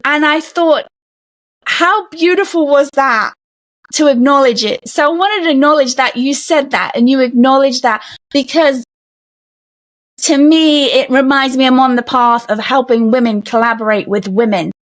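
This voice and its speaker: A woman guest on a podcast, telling stories in a lively way and acting out the voices of the people in them. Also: high voice, normal speed, dry recording. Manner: animated storyteller, acts out quoted voices. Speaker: podcast guest, comedian and author. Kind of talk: casual interview talk.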